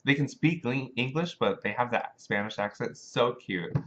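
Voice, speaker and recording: Animated man rambling in a monologue. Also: mid-range voice, moderate pace, highs cut off. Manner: animated, rambling, with many fillers. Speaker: show host. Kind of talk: casual monologue.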